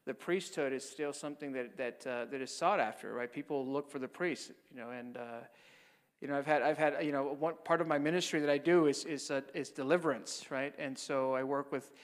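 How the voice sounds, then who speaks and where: A man's voice: medium pitch, brisk, in a large hall. A man, a Catholic priest, giving a mission talk in a conversational storytelling way, often checking in with "right?". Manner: conversational, frequent "right?" tags.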